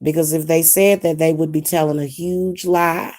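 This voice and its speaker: A woman's voice: sits low, little pitch movement, normal speed, darkish tone. A young woman with a Kansas City, Missouri accent, talking candidly in a casual vlog. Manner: candid, repetitive, chatty. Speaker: witch vlogger.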